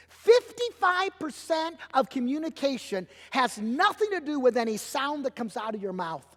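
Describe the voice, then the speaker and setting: A middle-aged man preaching a sermon as pastor, emphatic and animated, acting out little quotes as he goes. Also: very high voice. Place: church sanctuary. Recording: long church hall reverb.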